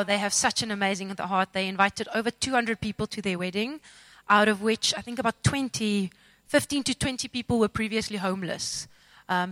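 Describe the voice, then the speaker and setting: A woman telling a personal faith testimony in an expressive, self-mocking, dramatic storytelling way. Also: mid-range voice, no room sound. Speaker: speaker sharing a testimony.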